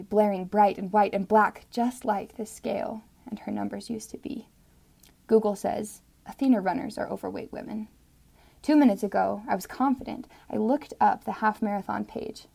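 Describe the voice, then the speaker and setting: A woman's voice: mid-range voice, gravelly, warm tone, husky. A woman in her thirties telling a personal story, then reading her own spoken-word poem earnestly, often dropping to a whisper.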